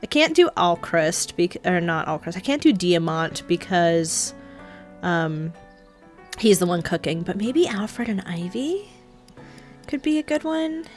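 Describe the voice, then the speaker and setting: A woman's voice: lowish voice, sing-song, unhurried, faint music behind. Chatty young woman playing a game. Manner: chatty, giggly, thinking aloud. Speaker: gameplay streamer. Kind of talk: casual gameplay commentary.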